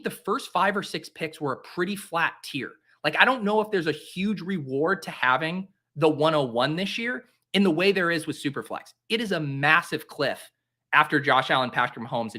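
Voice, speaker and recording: On his own fantasy football show, a young man chats casually while drafting, his voice bright, pushed forward, and pitched a bit higher than most men's. He slides into theatrical, exasperated self-mockery, hamming up his despair for laughs.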